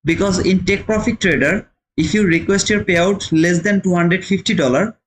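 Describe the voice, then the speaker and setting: A man's voice: high voice, normal speed, a little hiss or hum, rough recording. A man hosting a live trading stream, chatting casually and answering viewers' comments, with frequent repeated words. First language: not English. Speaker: trading livestream host.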